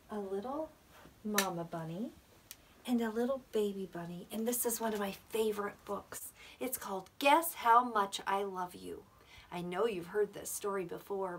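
A woman kindergarten teacher giving a recorded video class for young children, speaking gently and sometimes dropping to a whisper. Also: mid-range voice, slightly rough, recorded from a distance. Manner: gentle, slow, dips into whispers.

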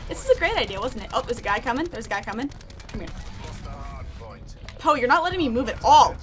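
A woman's voice: a little high, expressive, fairly quick, over music. A young woman chatting and giggling through a video game, talking sweetly to her pet snake. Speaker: gaming YouTuber. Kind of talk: casual gameplay commentary.

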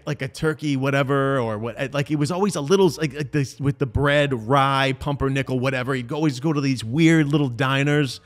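A man in his forties co-hosting a podcast, telling a story in casual chat and acting out the people he quotes. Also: fairly high pitch. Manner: animated storyteller, acts out quotes. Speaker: podcast co-host.

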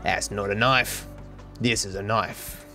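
A man's voice: fairly low pitch, fairly even intonation, slow pace, music in the background, voice pushed down. A man voicing a brash outback bushman in an exaggerated broad Australian accent, with a swaggering drawl.

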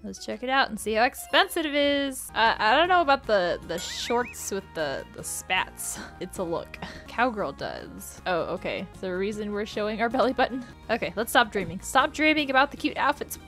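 A woman with a fairly high voice talks her way through a video game in casual let's-play commentary. She is chatty and easily excited, gasping and reacting aloud as things happen. Her pitch swings widely, and quiet music plays underneath. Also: normal speed. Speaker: gaming channel host.

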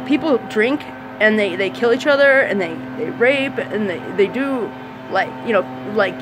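A woman's voice: a little high, background noise. A woman recording a candid video diary outdoors, talking in a rambling, blunt way with lots of fillers and swearing. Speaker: video diarist.

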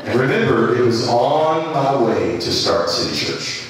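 A pastor telling a rambling sermon story with many restarts. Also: male voice, medium pitch, sing-song, measured pace, slight background noise. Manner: rambling anecdotal delivery with restarts. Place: church. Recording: echoey church hall from a distance.

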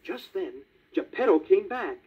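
A man narrating a read-along children's storybook in a lively, child-friendly way. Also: sits high, measured pace, husky. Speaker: storybook reader. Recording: tinny 1950s vinyl record.

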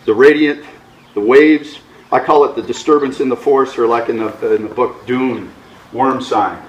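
A middle-aged man giving an outdoor hang gliding lesson, animated and mimicking instrument beeps. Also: moderate pace, echoey room, slight background noise, rough recording. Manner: animated, imitates vario beeps with rising pitch. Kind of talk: outdoor flying lesson talk. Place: outdoors at a mountain flying site.

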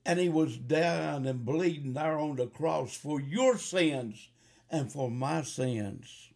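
Gravelly preacher, slow and fervent. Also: male voice, fairly high pitch. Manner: slow, building to shouted fervor. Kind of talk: fiery revival sermon.

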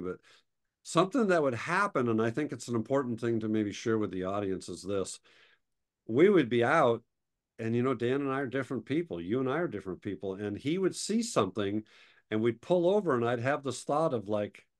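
Chuckling, storytelling male co-host. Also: mid-range voice. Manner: storytelling, chuckles often, wistful when remembering friends. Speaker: podcast co-host. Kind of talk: casual chat.

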